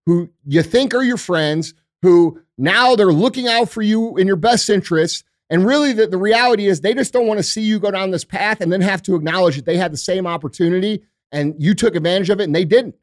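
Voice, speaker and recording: A man's voice: high-pitched, no echo, studio quality. A man hosting a podcast in casual chat, blunt and heavy on swearing, ranting with motivational conviction. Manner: blunt, profane and emphatic. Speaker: podcast host.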